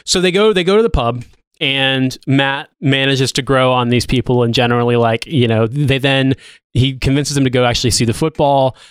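A man co-hosting a podcast, rambling through a recap with lots of restarts and casual swearing. His voice is smooth and resonant. It is recorded dry and close to the mic. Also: medium pitch, fairly even intonation, moderate pace, no room sound. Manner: rambling, profane, with filler-heavy restarts. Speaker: podcast co-host. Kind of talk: casual chat.

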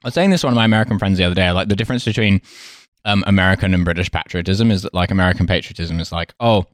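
A man with a somewhat low voice co-hosts a podcast in chatty banter, wry and fond of swearing, often breaking into laughs. The recording is close and dry. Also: racing, no room sound. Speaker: podcast co-host. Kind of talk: casual chat.

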